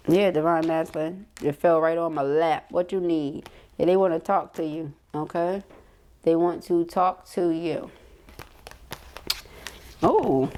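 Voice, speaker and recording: A middle-aged woman giving a casual, slangy tarot reading to camera, chatty and quick to laugh. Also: lowish voice, warm tone, a little hiss or hum. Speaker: tarot reader.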